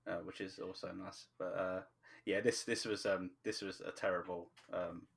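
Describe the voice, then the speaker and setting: Man, low deep voice, halting and hesitant, casual podcast co-host. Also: fairly even intonation, gravelly, slight background noise. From from just outside London, England. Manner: hesitant, many ums and restarts. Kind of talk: casual chat about a TV show.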